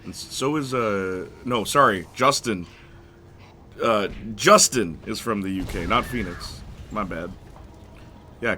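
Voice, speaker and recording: A man's voice: on the low side, pushed and bright, a little hiss or hum. A man live-streaming a video game, chatting casually, joking, giggling and answering viewers' chat messages. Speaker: gaming streamer.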